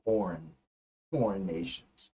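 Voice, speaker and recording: A man's voice: deep voice, slow, warm tone, rough recording. A young man hosting a livestream and giving blunt, profane commentary on a press conference. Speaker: livestream politics host. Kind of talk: casual live commentary.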